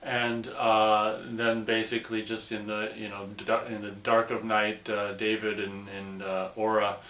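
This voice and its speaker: A man's voice: lowish voice, flat delivery, measured pace, fairly bright tone, echoey room, slight background noise, rough recording. A man casually reviewing a movie in a loose, rambling way, with lots of "or whatever" asides.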